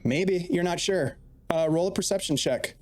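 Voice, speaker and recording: A man's voice: high voice, normal speed, darkish tone. A man narrating as dungeon master, steadily setting scenes and explaining the rules. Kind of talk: narrating a tabletop game.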